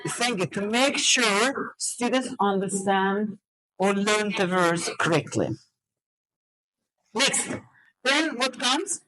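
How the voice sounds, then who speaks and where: Slow, lively-pitched woman teaching a class. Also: poor audio. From Azerbaijan. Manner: drills students with questions and counted stress. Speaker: teacher trainer.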